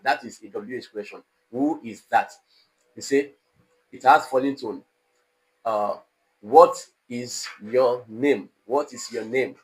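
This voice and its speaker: A man lecturing an online exam-prep class, slow and deliberate, repeating example phrases with exaggerated rises and falls in pitch. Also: rough recording. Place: online class studio with a technician.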